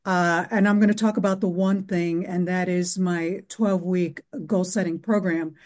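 A woman's voice: lowish voice, steady tone, normal speed, a little mellow. A woman client explaining her business situation on a coaching call, hesitant, with many fillers.

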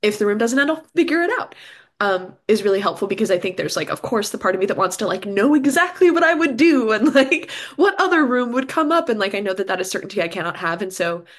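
A woman's voice: mid-range voice, very animated, fast talker. A woman guest in a casual chat. She talks with lots of likes and ums and laughs often.

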